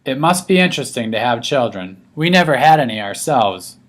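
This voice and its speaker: A man voicing a fussy, easily shocked woman guest with a shrill, shrieking manner in an audiobook. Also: sing-song, a little fast, lightly acted. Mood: polite. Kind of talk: audiobook character voice.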